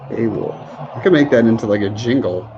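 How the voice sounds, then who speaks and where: A man's voice: mid-range voice, fast, muffled recording, background noise. A man chatting casually on a livestream Q&A, rambling, chuckling often and restarting his sentences. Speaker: livestream host answering viewer questions.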